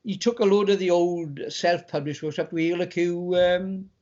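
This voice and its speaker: Man, high voice, rambling guest chat, dull lo-fi sound. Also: steady tone, moderate pace, a little mellow. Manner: rambling, repeats words, stumbling restarts. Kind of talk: casual chat.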